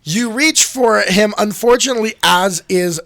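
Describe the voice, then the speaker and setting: A man running a tabletop game as game master, narrating with dramatic pauses. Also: high voice, gravelly, fairly bright tone, no echo.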